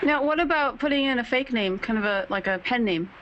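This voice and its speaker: A woman runs a group video call in a high, bright voice. She is upbeat and laughs often. Faint noise sits under her audio. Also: expressive, a little fast, dull audio. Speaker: hangout host. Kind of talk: casual group video chat.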